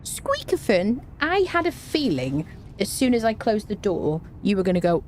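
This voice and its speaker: Woman, gameplay commentary, wry, chatty, mellow tone, faint noise behind. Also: mid-range voice, sing-song, moderate pace. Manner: chatty, wry, talks to her cat. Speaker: gaming streamer.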